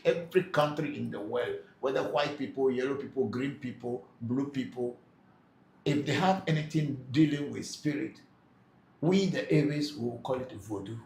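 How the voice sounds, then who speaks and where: A spiritual teacher speaks at normal speed in a gravelly, darkish, medium-pitched voice while hosting a live Q&A. He reads viewers' comments and answers patiently with many hesitations, in an echoey room carrying faint background noise.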